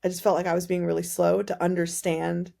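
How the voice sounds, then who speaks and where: A woman guest on a podcast, telling her faith story in casual, animated conversation and acting out the dialogue. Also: lowish voice, brisk, creaky. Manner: animated storytelling, many "like" fillers, acts out dialogue. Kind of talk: personal testimony in casual conversation.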